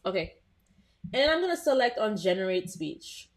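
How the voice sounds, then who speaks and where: A woman hosting a live software tutorial, talking casually to her viewers with frequent "um" and "like" as she works. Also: medium pitch, very animated, normal speed. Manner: chatty, addresses viewers as "you guys", frequent "um" and "like". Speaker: host.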